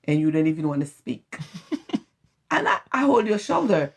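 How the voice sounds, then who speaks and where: Haitian-accented woman, interviewee, expressive storyteller, wide pitch swings. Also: moderate pace, vocal fry, husky. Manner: animated, lively storyteller who laughs often. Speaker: interviewee, the host's mother.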